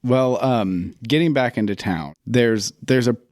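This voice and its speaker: A man's voice: mid-range voice, measured pace, darkish tone, no room sound, studio quality. A man speaking as a guest writer and theater director in a casual interview, telling stories and acting out his own past remarks as he goes. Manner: reflective storyteller who acts out his own past remarks.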